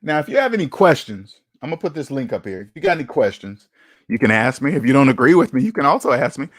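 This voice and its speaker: A man's voice: mid-range voice, very animated, quick pace, dry recording, studio quality. A man hosting a casual livestream, talking bluntly and emphatically, with profanity and lots of repetition. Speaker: livestream host.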